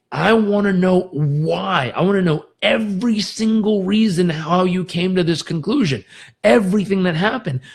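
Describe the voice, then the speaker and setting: Upbeat guy doing a motivational live stream, kinda high voice, talks you through breathing. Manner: energetic, coaching, demonstrates breathing aloud. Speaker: host.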